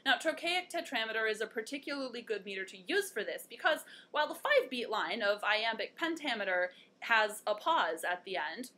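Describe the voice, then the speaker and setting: Bright, chatty young woman teaching. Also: fairly high pitch, sing-song, fairly quick. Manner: chatty, playful, jokes at her own puns. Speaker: host. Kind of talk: one-take video lesson.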